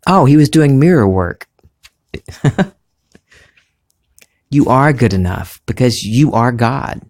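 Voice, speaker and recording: A man's voice: medium pitch, lively intonation, very slow, pauses often, darkish tone. A man with a slight Southern American accent, hosting a spiritual podcast in an earnest, musing monologue that thinks aloud. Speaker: podcast host.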